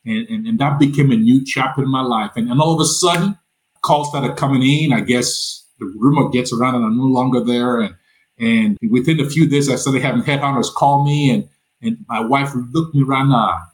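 Animated man telling his story. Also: medium pitch, fairly quick, low-quality recording. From Nigeria. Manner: animated storyteller, acts out the quoted voices, frequent stammered repeats. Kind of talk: storytelling interview.

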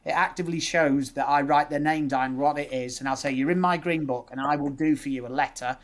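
A male dentist with a Yorkshire accent explaining his methods in a podcast conversation, laying out options in steady lists. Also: fairly high pitch, fairly quick. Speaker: dentist guest.

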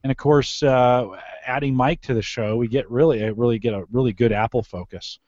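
A man's voice: mid-range voice, steady tone, a little fast, a little mellow, dry recording. A man hosting a casual tech podcast, loose and jokey. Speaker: podcast host. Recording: dry lo-fi podcast mic.

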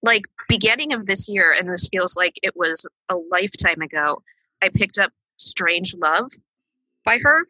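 A woman's voice: on the low side, lively intonation, normal speed, pushed and bright, no echo, rough recording. A woman on a casual podcast chat, plain-spoken and enthusiastic. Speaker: podcast guest.

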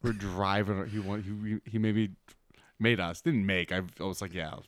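A man's voice: on the low side, moderate pace, no room sound. A young man in casual chat, chiming in with jokes and swearing. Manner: joking interjections, swears, animated delivery.

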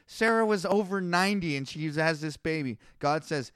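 A man tears through a story as a podcast co-host, crude and quick, tossing in silly voices along the way. His voice sits high and comes through smooth and clear. The sound is dry and close. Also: a bit bright, dry recording. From Canada. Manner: crude, rapid-fire storytelling with mock character voices. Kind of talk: casual comedic retelling.

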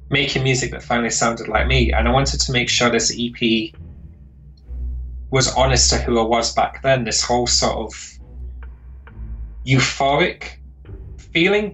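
A man from northern England, a composer, chats casually as an interview guest, rambling and hunting for words. His voice is medium-pitched and a bit bright, and the recording is rough.

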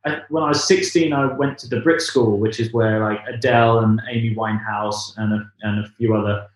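A man's voice: fairly low pitch, steady tone, fairly quick. A man from England, a musical theatre singer chatting as an interview guest in a rambling, self-correcting way. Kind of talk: casual interview chat. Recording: very echoey, distant from the mic.

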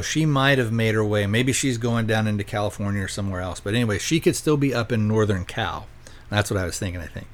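Rambling man recapping a movie plot. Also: on the low side. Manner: rambling, self-correcting, conversational. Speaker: podcast host reviewing a movie. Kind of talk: casual spoken plot recap.

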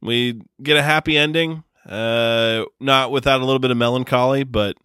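Male co-host, very deep voice, sardonic movie chat, dry sound. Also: fairly bright tone, clean tone, no echo. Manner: sardonic, swears casually. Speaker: podcast co-host. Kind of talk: casual movie-review chat.

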